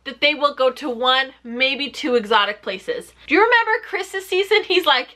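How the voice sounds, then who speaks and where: A woman vlogger giving a chatty, sarcastic recap of a TV show with rapid-fire questions. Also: high voice, expressive, pushed and bright. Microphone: camera mic.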